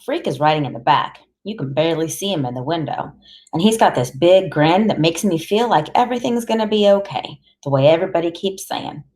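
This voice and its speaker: A woman's voice: lowish voice, animated, fairly quick, darkish tone. A woman reading a first-person audiobook in a plain, conversational voice. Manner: plain, conversational, as a teenage boy. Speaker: audiobook reader.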